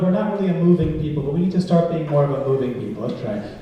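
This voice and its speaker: A man's voice: a little high, lively intonation, fast talker, mellow. A man leading a community singalong with a guitar, playful and coaxing the crowd, speaking and singing. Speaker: musical guest song leader. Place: large hall with a crowd. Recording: echoey hall recording from a distance. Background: guitar music.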